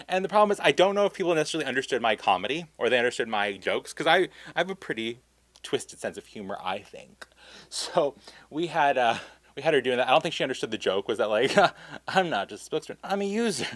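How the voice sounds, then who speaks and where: A young man tells a story in a campy, animated way, with lots of laughing asides. His voice sits in an ordinary middle pitch. The sound is close and dry. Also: no room sound. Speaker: vlogger. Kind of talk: casual storytime.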